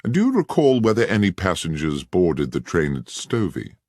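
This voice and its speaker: A male narrator voicing Sherlock Holmes as a keen, incisive detective who questions in a crisp, measured way. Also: low-pitched, huge pitch swings, a little mellow, no echo, studio quality, exaggerated voice. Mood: probing.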